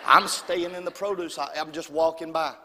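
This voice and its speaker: A man from Alabama with a Southern US accent, telling folksy, humorous stories from the pulpit in an animated way. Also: a little high, fairly quick, some chatter behind, slight background noise. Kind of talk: storytelling sermon. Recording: long hall reverb.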